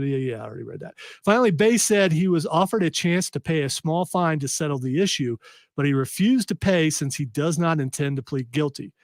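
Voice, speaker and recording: A man's voice: on the high side, animated, brisk, no room sound, clean studio sound. A man hosting a casual radio talk show, reading news quotes aloud with lots of fillers. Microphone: radio studio microphone.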